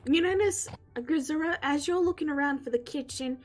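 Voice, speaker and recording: A woman's voice: high-pitched, fairly quick, slight background noise. A woman running a tabletop game as game master, narrating scenes and teasing the players.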